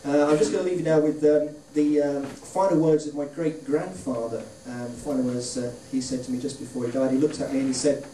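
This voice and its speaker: A man's voice: on the high side, fairly even intonation, brisk, hardly any pauses, warm tone, slight background noise. A man doing a stand-up comedy set on a club stage, delivering dry one-liners with offhand asides. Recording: roomy club sound, distant from the mic. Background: audience laughter.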